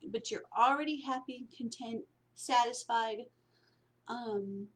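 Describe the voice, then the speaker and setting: A woman's voice: fairly high pitch, takes it slowly. A woman coaching on spiritual prosperity in a casual, meandering talk, repeating her phrases and checking in with "right?".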